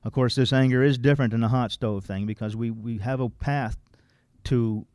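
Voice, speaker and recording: A man's voice: mid-range voice, fairly even intonation, normal speed, a little mellow, clear, resonant tone, dry recording. A middle-aged man leading a recovery workshop in a plain-spoken, blunt way, reading passages aloud and explaining them. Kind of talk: informal workshop talk.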